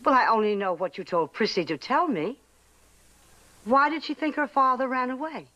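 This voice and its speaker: An actress in a 1950s western playing a calm, steady woman who questions people firmly and coaxes children. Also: high voice, normal speed, highs cut off. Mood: probing. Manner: firm, coaxing and probing. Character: steady grown woman, calm family mainstay. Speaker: actor in a western film. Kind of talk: 1950s film acting.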